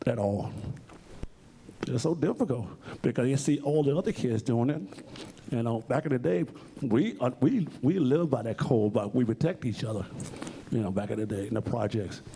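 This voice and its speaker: A man's voice: medium pitch, expressive, normal speed, mellow, a little hiss or hum. A man being interviewed on stage at a library event, speaking bluntly and emphatically and swearing freely. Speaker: interview guest.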